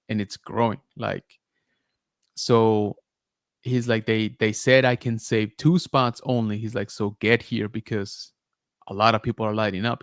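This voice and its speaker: A man hosting a podcast, telling a story in a casual, animated way with lots of filler words. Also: on the low side, dry recording, studio quality. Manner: animated retelling, many filler likes and rights. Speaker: podcast host.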